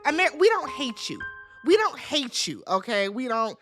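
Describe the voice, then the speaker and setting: A woman's voice: high voice, music in the background. A woman hosting a casual reality-TV recap vlog, sassy and blunt, talking straight to her viewers. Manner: sassy, animated, talks straight to viewers as "y'all"; blunt and opinionated, quick swings in loudness. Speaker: recap vlogger, show host.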